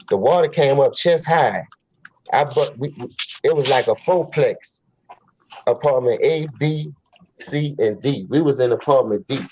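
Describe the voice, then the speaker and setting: A man telling a personal story in a blunt, profane, animated way. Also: mid-range voice, breathy edge. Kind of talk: casual first-person storytelling. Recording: dry, slightly dull recording.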